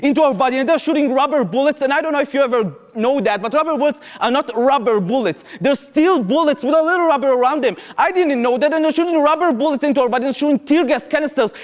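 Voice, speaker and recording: A former soldier and public speaker from Israel tells a personal story earnestly and vividly, with slightly marked phrasing. His voice is very high-pitched, and he talks fast with hardly any pauses, recorded in a reverberant hall.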